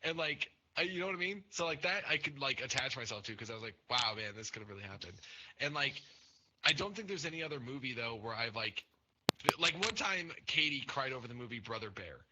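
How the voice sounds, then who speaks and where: A young man hosting a podcast, telling stories in casual chat, swearing often and jumping up in pitch as he acts out other people. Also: fairly quick, dull audio. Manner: swears a lot, animated storytelling with pitch jumps. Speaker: podcast host.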